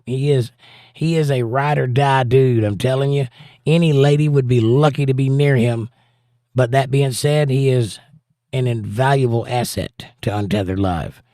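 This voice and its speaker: A man's voice: medium pitch, normal speed, mellow, no room sound. Male livestream host, casual, jokey, reads chat aloud, dry close sound. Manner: chatty, jokey, reads viewer comments aloud.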